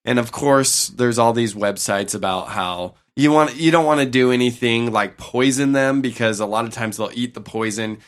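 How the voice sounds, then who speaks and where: A man co-hosting a podcast, telling a home anecdote in a casual, animated way and laughing along. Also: medium pitch, moderate pace, few pauses. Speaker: podcast co-host. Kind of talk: casual storytelling chat.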